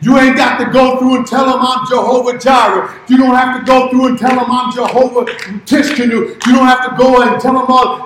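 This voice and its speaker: A man preaching a sermon as pastor, shouting in rising bursts and dropping low and quiet in between. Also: little pitch movement, a little fast, very echoey, a little hiss or hum, poor audio.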